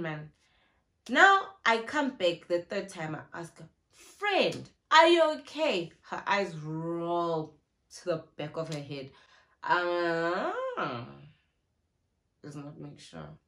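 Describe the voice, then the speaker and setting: A young South African woman telling a story in a casual, animated way, acting out what people said. She records on her phone. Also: fairly low pitch. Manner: animated, acts out what people said, mixes in isiZulu slang. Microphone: phone camera.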